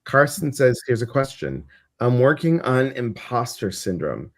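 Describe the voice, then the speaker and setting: A man's voice: mid-range voice, very animated, measured pace. A man with a Midwestern American accent co-hosting a spiritual livestream in casual, playful chat, often repeating his words over a video call.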